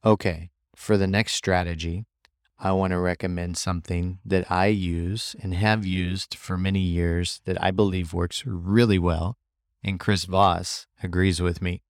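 A man hosting a solo podcast, explaining ideas and reading quotes from a book aloud, sometimes slowing down and deepening his voice on purpose. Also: little pitch movement, no echo, studio quality. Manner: deliberately deepens and slows his voice. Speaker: podcast host.

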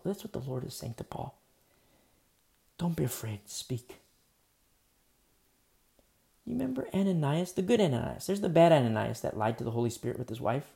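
A man preaching a sermon, acting out bits of dialogue and dropping to soft, hushed lines for emphasis. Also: medium pitch, normal speed, creaky, pauses often. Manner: animated preaching, acts out dialogue, drops to near whispers. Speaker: pastor.

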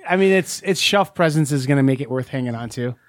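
A man's voice: medium pitch, animated, fast, dry recording. A man co-hosting a casual board game talk, rambling with lots of fillers and restarts. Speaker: podcast co-host. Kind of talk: casual chat.

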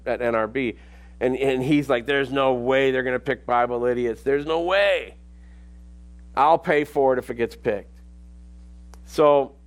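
A middle-aged man preaching a sermon, telling a personal story and building to emphatic, repetitive exhortation. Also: medium pitch. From Minneapolis. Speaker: pastor.

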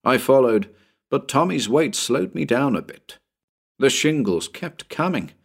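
A man narrating a pulp story in a dramatic, expressive audiobook reading. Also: medium pitch, unhurried, creaky, breathy edge. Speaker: narrator and channel host.

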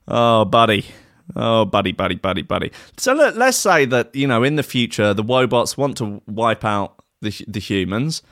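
A man hosts a comedy podcast, ridiculing a news story with heavy swearing and sarcasm. His voice sits at an ordinary middle pitch, and he is recorded close and dry. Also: very animated, normal speed, fairly bright tone, dry recording. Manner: profane, sarcastic, laughing at his own jokes.

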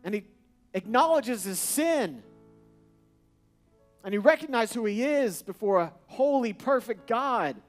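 A man preaching a sermon, repeating short refrains and building to loud, emphatic peaks. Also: very high voice, expressive, a little slow, pauses often. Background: soft guitar music.

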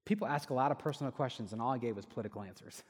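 A young man preaching a sermon, telling a personal story and lively when he quotes others. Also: medium pitch, racing. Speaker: pastor. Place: church hall. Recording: echoey hall with long reverb.

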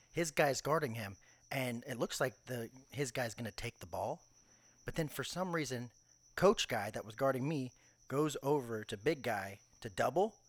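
A man in a loose podcast chat, spinning a story with lots of energy. He jumps into other people's voices as he retells what they said and swears without a second thought. His voice sits right in the middle of the usual male range. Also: mid-range voice. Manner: animated storyteller, acts out quotes, swears freely. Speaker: podcast co-host.

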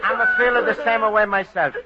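An actor playing a warm, excitable Italian immigrant man with an Italian accent and broken English, in a 1950s radio sitcom. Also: sits high, a little fast, highs cut off, a crowd in the background, lightly acted. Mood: comforting. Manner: broken English, effusive and fussing. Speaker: lead character. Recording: hissy old radio broadcast.

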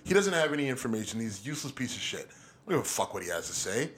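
A man's voice: mid-range voice, big pitch swings, racing, fairly bright tone. A man co-hosting a heated political chat, swearing constantly, ranting and tripping over repeated words. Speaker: podcast co-host.

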